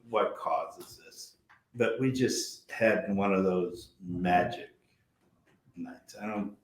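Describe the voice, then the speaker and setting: An older actor telling animated backstage stories in a casual chat, acting out quotes and swearing freely. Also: male voice, on the low side, echoey room. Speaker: actor guest. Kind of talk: storytelling over drinks.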